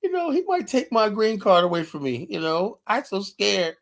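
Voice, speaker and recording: Mocking falsetto bit: a trembling, terrified man, whiny and fearful. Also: very animated, moderate pace, creaky, fairly bright tone, heavily acted. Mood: whimpering mockery. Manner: mocking, exaggerated whimpering. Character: timid frightened man, whimpering, fearful.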